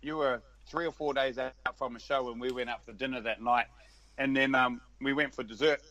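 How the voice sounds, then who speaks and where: A man's voice: medium pitch, steady tone, a little fast, bright, forceful tone, poor audio. A man hosting a podcast, telling a story to his guest in a friendly, chatty way. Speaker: podcast host. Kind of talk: casual chat.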